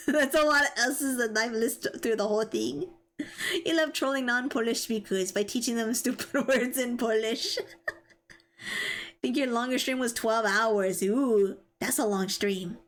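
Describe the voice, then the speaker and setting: A woman's voice: a little high, unhurried, a bit bright. A young woman streaming live, chatting casually and giggling as she reads chat and stumbles over tricky words.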